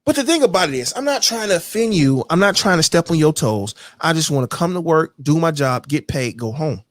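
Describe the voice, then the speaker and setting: A blunt, foul-mouthed man rants about a coworker on his own podcast. His voice is fairly high and swings widely, and the sound is close and dry. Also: expressive, brisk, no room sound. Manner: blunt, profane, mocks others in whiny voices. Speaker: podcast host. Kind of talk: casual rant monologue.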